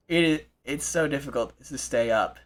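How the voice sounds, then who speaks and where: A man hosting a live esports broadcast, commentating with excitable energy and frequent restarts. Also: on the high side, slight background noise. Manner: excitable, fast restarts and repeated phrases. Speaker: esports play-by-play host.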